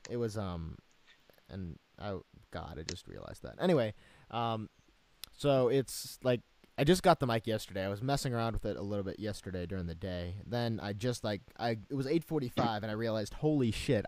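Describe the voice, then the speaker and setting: A man's voice: lowish voice, lively intonation, moderate pace, a little mellow. A young man hosting a casual talk show, rambling and joking with lots of fillers and restarts. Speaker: show host. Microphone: new home microphone.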